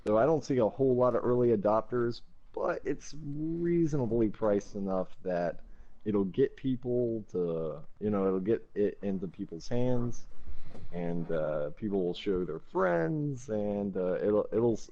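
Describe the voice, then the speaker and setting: A man's voice: fairly low pitch, animated, a little slow, warm tone. A man co-hosting a gaming podcast, giving thoughtful opinions with hesitant fillers. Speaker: podcast co-host. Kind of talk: casual gaming podcast chat. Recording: dull lo-fi mic.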